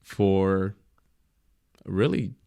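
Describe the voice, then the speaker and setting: Gravelly-voiced young man telling stories. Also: low-pitched, very slow, no room sound. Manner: animated when quoting others, reflective. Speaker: professional goalkeeper guest. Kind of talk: casual interview storytelling.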